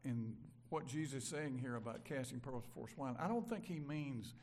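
An older man from Mississippi, preaching a conversational sermon that moves from loud emphasis to quiet asides. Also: medium pitch, expressive, normal speed. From Mississippi, USA. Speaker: pastor.

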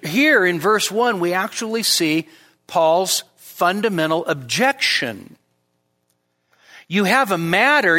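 A man's voice: sits high, bright, forceful tone, long reverb tail. A male pastor giving an expository midweek sermon, teaching with emphasis and often restarting his words. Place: church hall.

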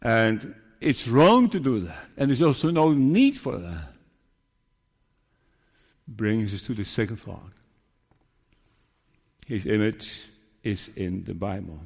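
Male pastor, slow deliberate sermon, long hall reverb, earnest and emphatic. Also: fairly low pitch, animated, darkish tone. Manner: earnest, questioning, builds to emphatic peaks.

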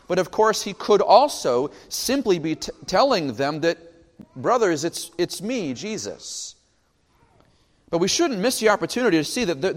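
A male pastor delivers an expository sermon, leaning on dramatic pauses and stressed words. His voice sits a little high for a man. The sound rings with the long reverb of a church hall. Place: church sanctuary.

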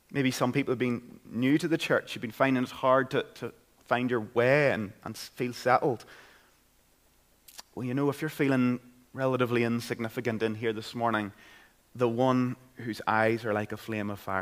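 A pastor from Northern Ireland, with a Northern Irish accent, preaches a sermon in a church in an earnest, conversational way. His mid-range voice stays steady in tone and moves at a normal speed.

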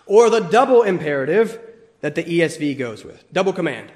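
Man preaching with loud-soft swings. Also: a little high, expressive, fairly quick. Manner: teasing asides to the congregation, wide swings between loud and hushed. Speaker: pastor. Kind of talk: sermon.

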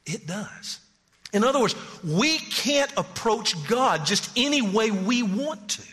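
A man's voice: sits high, slow pace, slightly rough, faint music behind. A man preaching a sermon as pastor, pleading and emphatic, often repeating words as he presses a point. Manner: animated, pleading, emphatic repetitions. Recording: long church-hall reverb.

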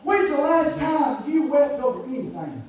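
A man preaching a sermon, emphatic and repetitive, swinging between shouts and hushed passages. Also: very high-pitched, sing-song, normal speed. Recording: echoey room, voice far from mic, faint hiss.

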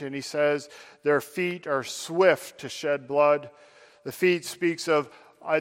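A man's voice: on the high side, fairly bright tone, big-room sound. A man preaching a sermon, addressing his listeners directly with earnest, building emphasis.

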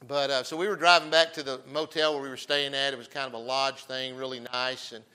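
Older man, mid pitch, bright tone; folksy storytelling preacher, peppers with "amen.". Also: level tone, brisk, clear, resonant tone, poor audio. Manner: folksy, chatty, frequent amens.

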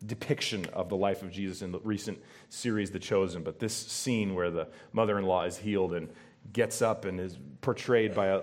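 A man preaching a sermon as pastor to his congregation, emphatic and animated, often asking them questions. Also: fairly low pitch, a little fast. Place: church before a congregation.

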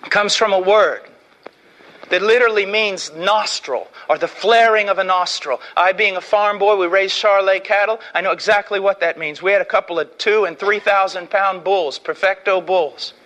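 A man preaching an impassioned sermon, swinging from loud declarations to hushed, slow warnings. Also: high voice. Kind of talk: fiery sermon.

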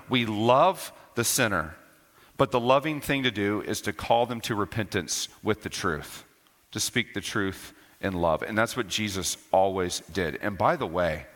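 A male pastor preaching with a lower pitch and a bright, forceful edge. He hammers key phrases by repeating them and drops from loud to low for weight. The sound trails off in the long reverb of a church hall. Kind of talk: sermon. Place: church sanctuary.

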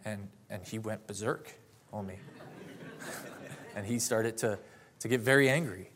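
A man's voice: on the low side, moderate pace, long pauses. A man in his late twenties giving a personal testimony and sermon, earnest and heartfelt, rising to fervent emphasis. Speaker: preacher.

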